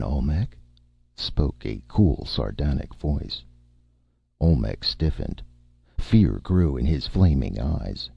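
A man reading a pulp adventure story aloud as a narrator, with a dramatic, expressive delivery. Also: very deep voice, creaky, husky, no room sound. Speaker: audiobook narrator. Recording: dull, dry audiobook recording.

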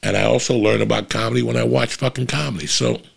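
A man's voice: mid-range voice, steady tone, fast. A middle-aged man, a comedian hosting his own podcast, giving a blunt, profane motivational monologue. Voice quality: gravelly. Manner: blunt, profane, fired-up ranting.

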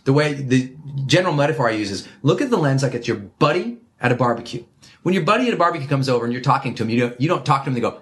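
A man interviewed as a guest, giving emphatic, animated advice and counting off his points one by one. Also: medium pitch, rapid-fire. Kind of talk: energetic conversational advice.

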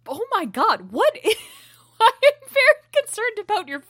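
A woman with a very high voice that swings widely, talking slowly and reacting with laughs and short remarks. The sound is dry and close-miked. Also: wildly swooping pitch, fairly bright tone, dry recording. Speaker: podcast co-host. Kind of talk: casual chat.

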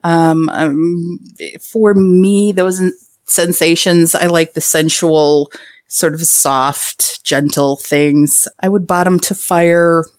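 A woman's voice: lowish voice, fairly even intonation, slow pace, a little mellow, no room sound, clean studio sound. A woman guest on a podcast, talking frankly and playfully and laughing often. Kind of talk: casual interview chat.

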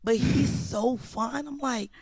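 A woman's voice: fairly high pitch, slow pace, darkish tone, slightly rough, dry recording. A woman in her thirties hosting a podcast, talking bluntly and playfully in casual slang. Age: 30s. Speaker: podcast host. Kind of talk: casual chat.

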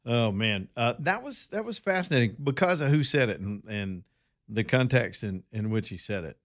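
A man's voice: mid-range voice, lively intonation, normal speed. A middle-aged man from Alabama with a Southern accent, hosting a talk radio show and telling a long story in a folksy, rambling way that addresses his listeners as y'all.

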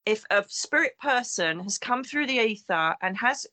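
A woman's voice: on the high side, expressive, normal speed, sharp tone. A woman, a psychic medium talking emphatically in an interview and acting out the people she quotes. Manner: emphatic, acts out quoted voices. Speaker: psychic medium and former detective. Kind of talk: interview conversation.

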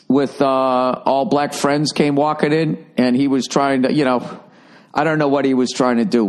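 A middle-aged man from the Boston area hosting a podcast, telling a rambling, profanity-laced story in a casual monologue. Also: fairly high pitch. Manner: profane, rambling, animated when doing quoted voices. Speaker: podcast host.

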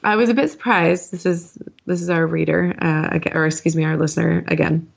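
Gravelly low-voiced woman podcaster. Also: steady tone, fairly quick. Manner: chatty, laughs often between points. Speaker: podcast co-host. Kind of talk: casual chat, reading listener mail aloud. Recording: dull, lo-fi mic sound.

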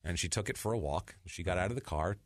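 A man's voice: sits low, quick pace, no room sound. A man hosting a podcast, retelling a crime story in a loose, casual, profane way with rambling asides. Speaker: podcast host.

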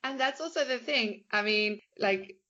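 A woman's voice: on the high side, a little slow, muffled recording, a loud crowd. A woman co-hosting a podcast, chatting about a film in a hesitant way with lots of fillers. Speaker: podcast co-host. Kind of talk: casual film discussion.

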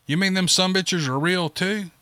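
A man voicing a gruff, coarse-talking country man in an audiobook. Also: high voice, moderate pace, sharp tone, dry recording, voice pushed up. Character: gruff rural Southern man, crude, outspoken.

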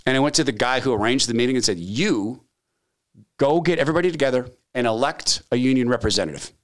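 A man's voice: medium pitch, quick pace. A middle-aged man hosting a talk show, telling anecdotes in casual chat and acting out the dialogue. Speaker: podcast host.

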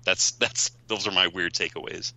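A man talking casually and analytically on a wrestling podcast, thinking aloud in a measured way. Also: low-pitched, steady tone, sharp tone, highs cut off.

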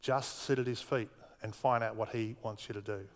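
A man's voice: on the low side, steady tone, normal speed. A man preaching a sermon as pastor, earnest, driving home points with repetition. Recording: long reverb of a hall.

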